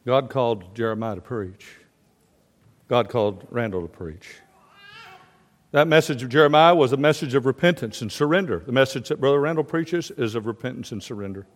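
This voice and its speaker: A male pastor preaching a sermon with passion, swinging between loud declaiming and quiet, confiding asides. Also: on the high side, very animated, brisk, long reverb tail.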